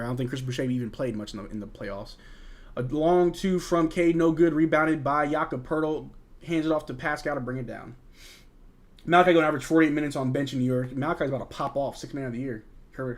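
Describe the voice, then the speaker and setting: A young man hosting a casual live watch-along of a basketball game, calling plays, answering chat and trash-talking players. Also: fairly high pitch. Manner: chatty, reads and answers chat, jokes and trash talk. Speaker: host of a fan live stream.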